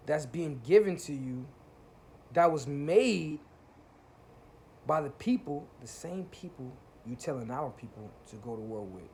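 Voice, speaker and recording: A man's voice: mid-range voice, unhurried, warm tone. Preachy man with a faintly noisy backdrop. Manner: preachy, repeats "you feel what I'm saying", swears freely. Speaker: channel host. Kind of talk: casual spiritual monologue to camera.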